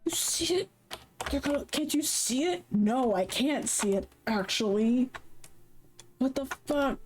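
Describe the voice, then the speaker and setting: A woman's voice: sits high, lively intonation, a little slow. A woman streaming casually, who swears a lot, sounds flustered and confused, and sings along with the music between her remarks. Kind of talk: casual livestream chat, singing along. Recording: music playing in background.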